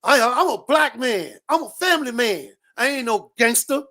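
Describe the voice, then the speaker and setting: A man hosting a show, giving a loud, profane comedic rant full of repeated catchphrases. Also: very high-pitched, animated, moderate pace. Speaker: show host.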